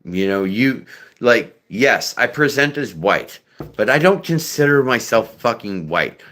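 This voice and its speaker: A man chats on his live stream in a loose, profane ramble, with lots of fillers and restarts. His voice has a bright, sharp edge to it. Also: medium pitch, very animated, measured pace. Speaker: livestream host. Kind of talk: casual live-stream chat.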